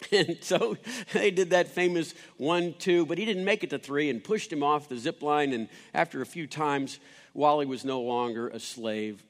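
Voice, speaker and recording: A man telling a rambling, sermon-style story, with many restarts and fillers. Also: medium pitch. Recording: long hall reverb.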